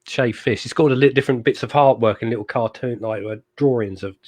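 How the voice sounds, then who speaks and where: A man co-hosting a live stream in a casual chat, talking in quick bursts with jokey asides. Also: medium pitch, darkish tone. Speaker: co-host.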